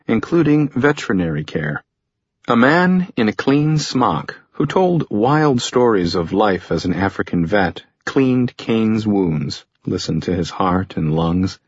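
A man reads a thriller audiobook in a steady, even storytelling manner. His voice sits low and sounds a little husky. The recording is dry and dull, with a lo-fi edge. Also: dry recording. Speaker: audiobook narrator. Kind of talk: scripted narration.

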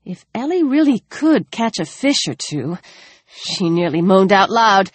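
A woman narrating an audiobook in a measured, even reading voice on a close microphone. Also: mid-range voice, no echo.

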